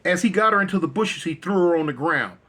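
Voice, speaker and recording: A man's voice: high-pitched, expressive, fast, pushed and bright. A male storyteller telling a dramatic tale in a conversational, repetitive way.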